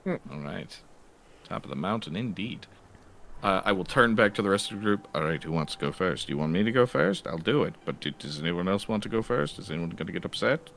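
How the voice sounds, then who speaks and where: A man's voice: sits low, lively intonation, fairly quick, vocal fry, fairly bright tone, slight background noise. A man playing his character in a tabletop game, swearing casually and stumbling over fillers. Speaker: player.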